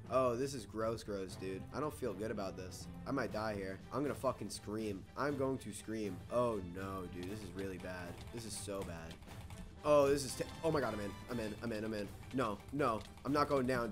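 A young man narrating his own game session in a bright, forceful voice. He trash-talks and grumbles, dropping into low muttering and then breaking into yells. Faint music plays under the commentary. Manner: frustrated, trash-talking, swings between muttering and yelling. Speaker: gaming YouTuber. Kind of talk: live gameplay commentary.

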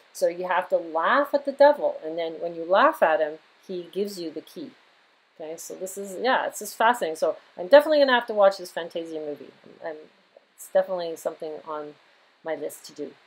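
A woman's voice: lowish voice, darkish tone, low-quality recording. A woman hosting her own astrology and tarot channel, talking casually and loosely to her viewers, with frequent "right?" and "you know" asides.

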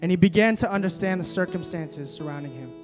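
Young man preaching over soft guitar. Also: high-pitched, fast. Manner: swings from soft reading to loud emphatic preaching; casual, many fillers when telling stories. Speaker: young adults pastor. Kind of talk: sermon.

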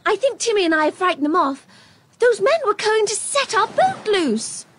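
This is a nervous young girl who turns bold when pushed. Her voice sits high and leaps around a lot, and her outbursts come out breathless and bright. A faint hiss runs under the drama. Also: very animated, normal speed, exaggerated voice. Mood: relieved. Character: timid young girl Anne, turning brave. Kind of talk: audio drama acting.

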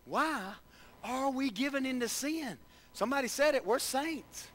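High, bright-voiced preacher man. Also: lively intonation, unhurried, poor audio. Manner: preaching with rising, shouted emphasis and many asides to the congregation. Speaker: pastor. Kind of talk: sermon.

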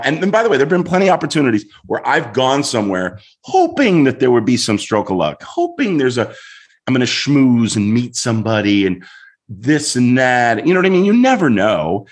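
A middle-aged man, a guest on a show, telling a story in an animated way and acting out voices as he goes. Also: medium pitch. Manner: lively, acts out voices in his story.

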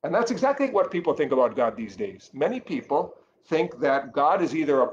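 A man's voice: a little high, sing-song, fairly quick, dull audio, slight background noise. Earnest man teaching catechesis. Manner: earnest, explanatory, with frequent fillers and restarts.

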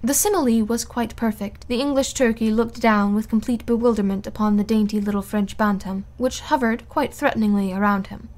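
A woman reading a classic novel aloud in a steady, even narration. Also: on the high side, brisk, few pauses. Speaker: audiobook reader.

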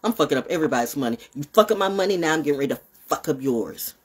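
Brief: woman vlogger, rambling talk to camera, lively pitch swings, a little husky, swears freely. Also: racing. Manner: animated, swings from high exclamations to low muttering. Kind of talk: casual rambling monologue to camera.

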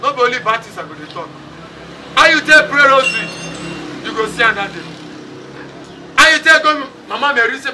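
A man's voice: very high voice, expressive, fast talker, long pauses. A man with a Nigerian accent preaching a funeral sermon, mixing English and Pidgin, calling on the congregation to respond. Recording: distant mic with crowd and noise.

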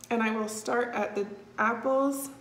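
A woman's voice: on the high side, fairly even intonation, a little slow. A woman talking through a step-by-step tutorial in a chatty, easygoing way, with frequent fillers. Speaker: makeup tutorial host. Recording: echoey room with faint noise.

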